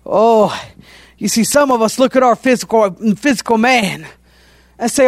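A male preacher with a strikingly high voice delivers a fervent sermon, swinging from easy, folksy talk into ringing shouts. His voice is recorded close and dry, with no room sound. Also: expressive, moderate pace, dry recording. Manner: impassioned, often breaks into shouting; folksy, repeated "oh" between phrases.

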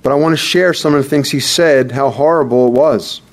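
A man's voice: mid-range voice, brisk. A man preaching a sermon in an earnest, conversational way, repeating himself for emphasis.

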